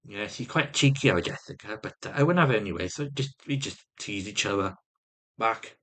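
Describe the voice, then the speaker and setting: A man's voice: on the low side, fairly quick, bright, forceful tone. A man vlogging with rambling personal storytelling, swearing constantly and restarting often.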